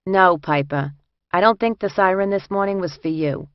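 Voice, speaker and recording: A woman's voice: medium pitch, normal speed, no room sound, muffled recording, pitched above the performer's own voice, lightly acted. A woman reading the part of a blunt, amused woman prison inmate who talks in a streetwise, swearing way. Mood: reassuring.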